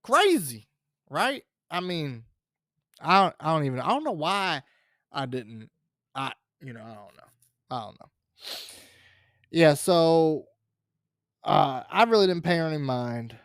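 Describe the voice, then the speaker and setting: A man spins a comic story on his podcast, drawling slowly while his pitch swings up and down a lot. He rambles and curses freely, full of fillers and restarts. The sound is close and dry. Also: big pitch swings, a bit bright, dry recording. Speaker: podcast host.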